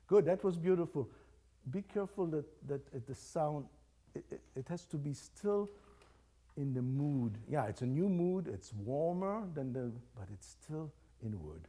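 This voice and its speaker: An older man with a dark-toned voice on the high side speaks animatedly at a measured pace while running a music master class. He sings phrases aloud to show his young players, keeping things encouraging and playful, and chamber music can be heard faintly behind.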